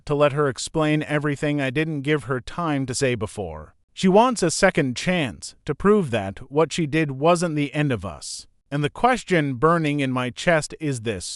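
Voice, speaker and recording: A man in his thirties reading a scripted first-person story in a measured, dramatic way with pauses. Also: a little high, no room sound, studio quality. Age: 30s.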